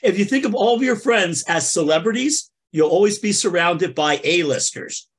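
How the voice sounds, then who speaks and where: A man with a high, slightly rough voice and lively intonation hosts a comedy podcast at normal speed. He tells a funny story playfully, speaking directly to listeners and calling them folks.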